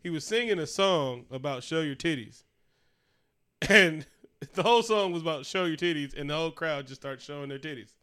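A man's voice: a little high, brisk, bright, forceful tone, clear, resonant tone. A man co-hosting a casual chat, telling stories with lots of swearing and laughter. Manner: profane, laughing storyteller. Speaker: podcast co-host.

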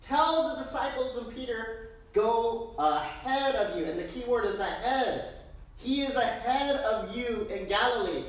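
A woman pastor preaching a sermon in a lively, joking way, full of rhetorical questions, in a church. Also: on the high side, a little slow. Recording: very echoey room, distant mic.

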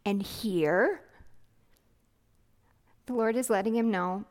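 A woman delivers a reflective sermon in a gentle, earnest voice. She speaks slowly and deliberately, at a pitch neither high nor low, with some soft hushed passages. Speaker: preacher.

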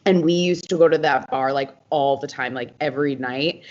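A woman's voice: sits low, moderate pace, a little mellow. A young American woman in her twenties co-hosting a podcast, rambling through casual chat with lots of fillers and frequent swearing. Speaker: podcast co-host. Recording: dull lo-fi recording.

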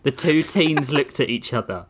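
Man, podcast host, reads a story aloud, lively pitch, casual. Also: normal speed, slight background noise. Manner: animated, laughs mid-read. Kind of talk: reading a story aloud to co-hosts.

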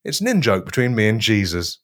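Deadpan man, lively pitch. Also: a little fast. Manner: deadpan, mock-grandiose. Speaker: podcast co-host. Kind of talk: comic storytelling.

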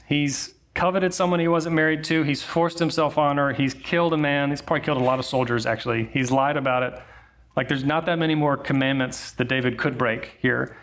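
A man's voice: fairly high pitch, fairly bright tone. Man preaching a casual, storytelling sermon. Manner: conversational storytelling with fillers and asides. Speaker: pastor.

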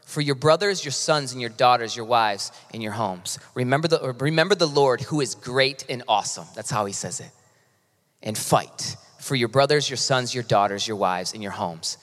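A man's voice: medium pitch, expressive, normal speed. Man preaching in a reverberant church. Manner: impassioned, swings from quiet to loud emphasis. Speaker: pastor. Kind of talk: sermon. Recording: long hall reverb.

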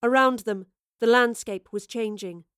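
A woman narrating a fantasy audiobook in a steady, expressive storytelling voice. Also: on the high side, a little slow, clean tone, no room sound, studio quality. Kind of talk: scripted narration.

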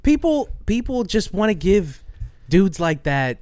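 A man co-hosting a podcast in casual chat, animated and laughing often, his voice leaping up when he gets indignant. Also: high voice, measured pace, clean tone, no echo. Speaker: podcast co-host.

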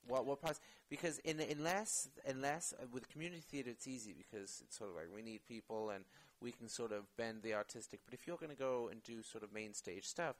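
A man's voice: mid-range voice, a little fast, few pauses, low-quality recording. A man, an actor and podcast guest, talking in a casual interview in a reflective way, often searching for his words.

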